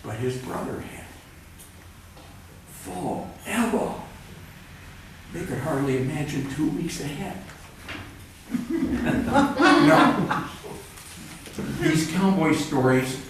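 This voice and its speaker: In a cultural center's event room, an author reads his own writing before a live audience, his tone dry and plainspoken, with wandering asides in between. His voice sits at medium pitch. The mic is distant, so the live recording sounds roomy, with slight background noise.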